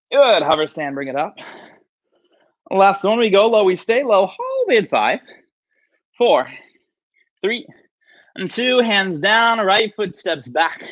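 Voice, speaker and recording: A male yoga instructor leads a livestreamed class, breathlessly counting down the holds in a casual, chatty way. His high voice comes through a livestream mic that sounds muffled, with no room sound.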